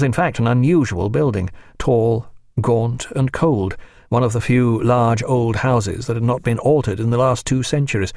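A man narrating a novel in a measured, even audiobook reading. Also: medium pitch, vocal fry, no echo, clean studio sound. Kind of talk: scripted narration.

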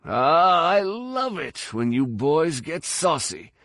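A man voicing a brawny, gleeful male mercenary who taunts loudly and wheezes in an audiobook. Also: a little high, very animated, slow, no room sound, studio quality, voice pushed up, heavily acted. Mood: taunting.

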